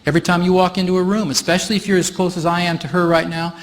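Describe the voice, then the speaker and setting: A man's voice: sits high, level tone, racing. Man explaining a process on stage. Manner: explanatory, chatty, often laughing. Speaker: workshop facilitator. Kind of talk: live workshop demonstration. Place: stage before an audience.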